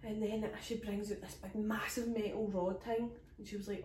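Speaking at a moderate pace in a medium-pitched voice, a Scottish comedy podcast co-host tells a story and lively voices each person in it. A phone placed at a distance picks her up, leaving an echoey, far-off sound with faint room hiss underneath.

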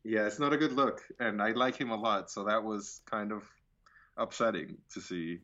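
A man's voice: on the low side, fairly even intonation, normal speed, bright, forceful tone. A man co-hosting a casual movie review chat, loose and profane, laughing often. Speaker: podcast co-host. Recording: dull lo-fi audio.

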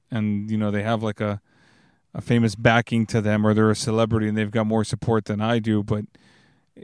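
A man hosts his own podcast in a casual solo monologue, rambling earnestly close to the mic with many restarts and fillers. His medium-pitched voice is a little mellow, and the recording is dry.

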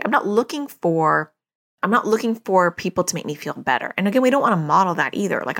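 A middle-aged woman hosting a parenting podcast, speaking in a lowish register with a gravelly fry running through her voice. She talks casually and candidly, sharing her own experience with plenty of fillers. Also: sing-song, fast, fairly bright tone. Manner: chatty, self-disclosing, with frequent fillers and laughs. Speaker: podcast host and parenting therapist. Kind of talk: casual advice monologue.

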